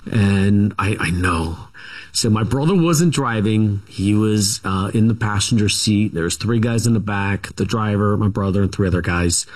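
Picture a middle-aged man with a fairly low voice, talking through his childhood in a loose, meandering way. He keeps stopping to restart his sentences and fills the gaps with "um" and "you know." This is a guest's relaxed interview storytelling. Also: moderate pace. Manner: rambling, many fillers and restarts. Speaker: guest author.

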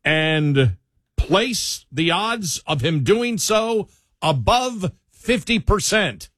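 A man's voice: high-pitched, animated, extremely slow, a bit bright, no room sound, clean studio sound. A man with a Buffalo accent co-hosting a radio talk show, chatting easily about politics and reading news items aloud. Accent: Buffalo, New York.

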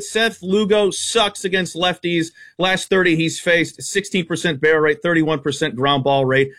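High-voiced man rattling off betting stats. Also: fairly bright tone. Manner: rapid stat-heavy, emphatic and blunt. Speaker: sports betting analyst. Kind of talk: radio sports betting talk.

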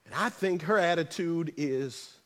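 A man preaching a sermon in a church, animated, with playful asides and shouted emphasis. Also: a little high, measured pace, big-room sound. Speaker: pastor.

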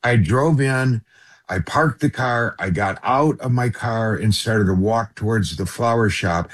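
A middle-aged man with a husky, slightly rough voice recounts a personal story as a radio interview guest. He speaks earnestly and keeps turning to the host by name as he goes. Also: mid-range voice.

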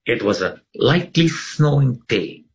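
An older man from the United States with a husky voice, telling his own story vividly and acting out the voices of the people in it. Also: medium pitch, lively intonation, slow, poor audio. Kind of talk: personal storytelling.

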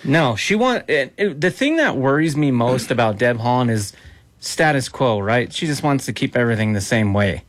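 A man's voice: medium pitch, lively intonation, normal speed, no room sound. A man hosting an interview, chatting in a casual, agreeable way. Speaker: interview host. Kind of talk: conversational interview.

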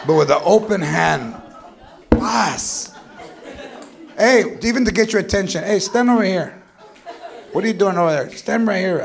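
Guy putting on a mad mexican mom threatening her kid, high voice, loud crowd laughing on a live stage mic. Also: vocal fry, full character voice. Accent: Mexican Spanish code-switching. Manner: scolding, threatening, mixing Spanish and English. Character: scolding short-tempered mother of a seven-year-old.

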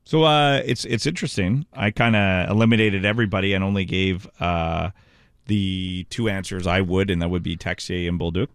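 A man co-hosts sports talk radio in a relaxed, teasing way. His voice sits on the low side, close and dry in the studio. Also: normal speed, clear, resonant tone, no echo. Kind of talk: radio talk show banter.

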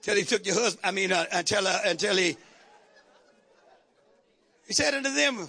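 Male pastor, fervent call-and-response sermon, very high and gravelly, bright and forceful. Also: lively intonation, a little fast, pauses often, a faint crowd.

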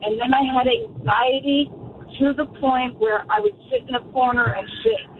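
Woman caller, high and animated, emotional testimony over a noisy phone line. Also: normal speed. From Florida. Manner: emotional, rising to fervent. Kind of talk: call-in radio testimony.

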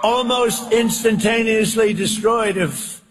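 A man's voice: high voice, slow pace, faint music behind. An older man giving a political speech, rambling with folksy, boastful asides. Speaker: politician speaking at an event.

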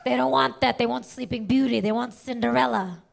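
A woman's voice: fairly high pitch, a little fast, gravelly, noisy background. A woman voicing a very old, chain-smoking female boss who curtly dismisses her. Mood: dismissive. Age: older.

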